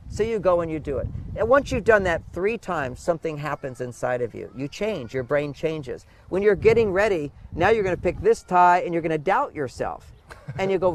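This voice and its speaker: Animated man giving relationship advice outdoors. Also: fairly high pitch, moderate pace, slight background noise, rough recording. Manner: animated, acts out quoted voices. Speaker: interview guest, relationship advisor. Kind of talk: casual interview, advice-giving.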